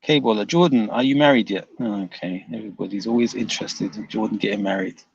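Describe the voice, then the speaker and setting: A man's voice: fairly low pitch, fairly quick, creaky, lo-fi sound, a little hiss or hum. A man hosting a casual livestream, reading viewer comments aloud and teasing them, laughing often.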